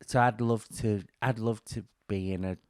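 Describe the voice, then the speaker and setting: A man's voice: lowish voice, steady tone, moderate pace, no room sound. Chatty Northern English man, dry sound. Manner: chatty, self-mocking, swears casually. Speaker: podcast co-host, actor and stand-up comic. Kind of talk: casual comedy chat.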